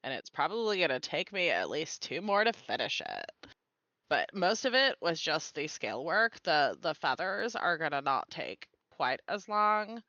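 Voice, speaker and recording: A woman doing a Valley Girl voice as a stream co-host, playful and drawn-out. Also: low voice, very animated, sharp tone, dry recording, dull audio, heavily acted. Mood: bubbly. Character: bubbly young female Valley Girl. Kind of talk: casual chat in a put-on voice.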